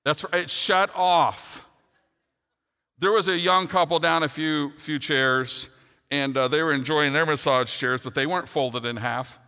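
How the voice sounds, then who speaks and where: A man's voice: a little high, measured pace, bright, forceful tone, smooth. A middle-aged man preaching a sermon, earnest and then telling a funny personal story. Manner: earnest, builds to humorous storytelling. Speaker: pastor. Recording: long hall reverb.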